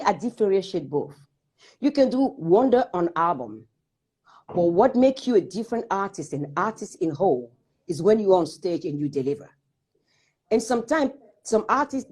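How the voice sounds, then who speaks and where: A woman's voice: mid-range voice, husky. An older woman, chatting animatedly in an interview and acting out little quotes as she tells stories. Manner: expressive storytelling with acted-out quotes and laughter. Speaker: singer in conversation. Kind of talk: animated casual conversation.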